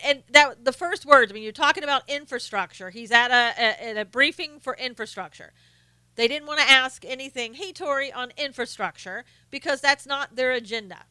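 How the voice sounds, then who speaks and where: Bright, crisp-voiced woman streaming commentary. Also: a little high, no echo. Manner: opinionated, greets viewers by name, frequent fillers and restarts. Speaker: live stream host reading chat. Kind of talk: casual political commentary.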